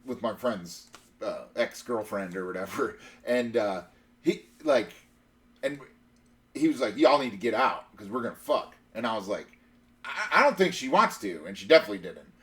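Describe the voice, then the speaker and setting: A man's voice: lowish voice, lively intonation, moderate pace. A man in his thirties telling a long personal story in a casual, rambling way, full of fillers and restarts. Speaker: podcast host.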